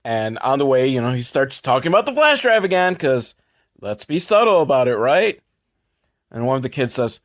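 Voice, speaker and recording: A man recapping a movie for comedy, sarcastic, jumping into quick put-on voices for the characters. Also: medium pitch, very animated.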